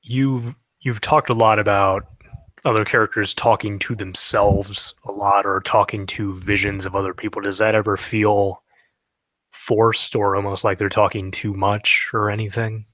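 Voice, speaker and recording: Low-voiced man asking laid-back questions. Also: flat delivery, a little slow, pushed and bright, dry recording. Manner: curious, prompts with short questions and okays. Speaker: podcast co-host asking questions. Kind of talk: casual interview chat.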